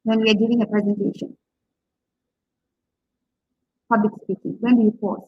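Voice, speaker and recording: Husky-voiced woman lecturer, lots of okays. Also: mid-range voice, little pitch movement, racing, no room sound, highs cut off. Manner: encouraging, asks questions, many okays and fillers. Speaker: public speaking lecturer. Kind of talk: interactive online lecture.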